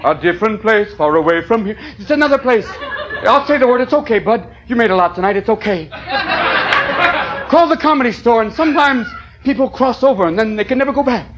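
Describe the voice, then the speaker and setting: A male stand-up comedian doing a manic, rapid-fire improvised routine, jumping into voices and shouts on a club stage. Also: sits high, expressive, highs cut off. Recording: loud crowd laughter, noisy live room. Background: audience laughing.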